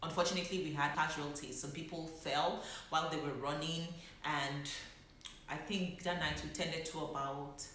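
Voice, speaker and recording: Low and fairly bright, with fairly even intonation at a normal pace, this young woman doctor recounts her own story in vlog form. She's thoughtful and holding back emotion; the recording has heavy room echo and a little hiss or hum.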